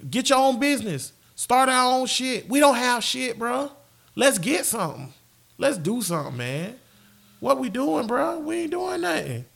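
A man hosting a podcast in casual chat, animated and profane. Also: very high voice, a little slow, creaky. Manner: animated, profane, laughs often. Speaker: podcast host.

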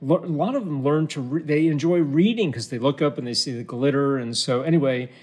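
A man's voice: fairly high pitch, brisk, husky. A man breaking into giggles. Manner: giggly, keeps breaking into laughter while reading aloud. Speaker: host. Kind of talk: casual unscripted chat.

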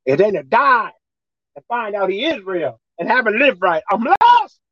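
A woman preacher delivering a folksy, emphatic sermon, swinging between shouting and hushed tones. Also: mid-range voice, expressive, normal speed, no echo, dull audio. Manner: folksy, colloquial.

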